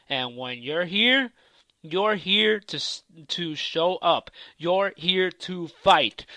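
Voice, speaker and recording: A man's voice: a little high, pushed and bright, no echo. A man cutting a trash-talking wrestling promo in a cocky, taunting, profane manner.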